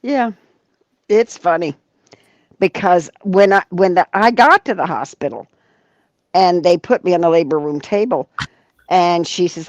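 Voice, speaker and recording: A woman's voice: on the low side, a little slow, no echo, dull audio. A middle-aged woman hosting a casual chat, telling stories with acted-out quotes and frequent laughter. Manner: animated storyteller, acts out quotes, laughs often. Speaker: leatherworking livestream host.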